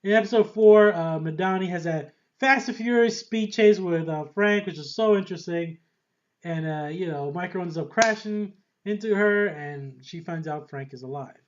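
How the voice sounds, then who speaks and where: A man casually reviewing a TV series in a rambling, excitable way, often laughing and trailing off with fillers. The recording is dull and lo-fi. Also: high voice, normal speed. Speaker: TV show reviewer.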